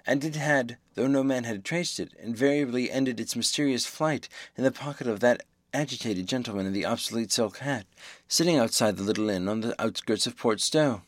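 A man reading a novel aloud as the audiobook narrator, in a measured, even way. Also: mid-range voice, dry recording, clean studio sound. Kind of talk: scripted narration.

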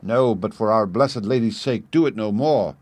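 A man's voice: on the low side, moderate pace, a little mellow, dry recording, natural voice. A man voicing a frightened young page boy who pleads in old-fashioned speech, as a character voice in an audiobook. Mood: fearful.

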